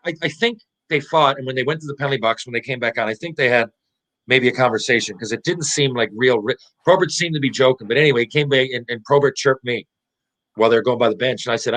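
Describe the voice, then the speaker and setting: A man's voice: medium pitch, fairly bright tone, poor audio. A man in his forties, a podcast guest and former hockey player, tells a rambling, profane anecdote full of laughs and restarts. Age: 40s. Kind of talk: casual storytelling.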